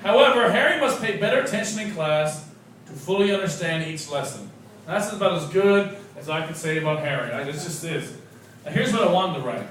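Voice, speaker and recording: A man doing a stand-up set, swinging from loud, profane outbursts to muttered asides. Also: a little high, animated, a little fast. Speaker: stand-up comedian, English teacher. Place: comedy club stage before a laughing audience. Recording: echoey club, mic from far off, crowd noise. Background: laughing audience.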